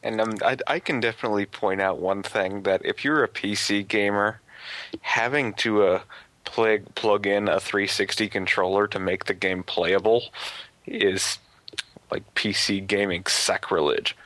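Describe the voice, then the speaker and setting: Lower voiced guy, hesitant, dry recording. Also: fairly even intonation, fairly bright tone, dry recording. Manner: halting, hesitant delivery. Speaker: podcast co-host. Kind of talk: casual chat.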